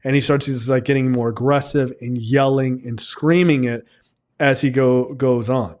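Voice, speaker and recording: A man's voice: mid-range voice, fairly even intonation, moderate pace, darkish tone. A man co-hosting a casual film review podcast, talking bluntly with plenty of swearing and loose rambling. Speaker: podcast co-host.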